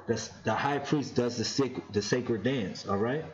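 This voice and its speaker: A man talks to his viewers about a spiritual ritual in a loose, casual way, slowing down to chant sacred names and pressing his points with excited emphasis. His voice sits at an average pitch. It sounds echoey and slightly muffled, like a lo-fi recording in a bare room. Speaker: vlogger.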